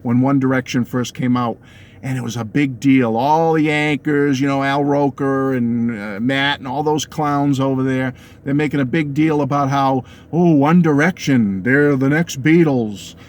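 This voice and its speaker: A man's voice: medium pitch, steady tone, moderate pace, slight background noise. A middle-aged man with a New England accent talking casually to his viewers about music. He laughs often and keeps checking in with them. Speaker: music vlogger. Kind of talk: casual opinionated monologue to camera.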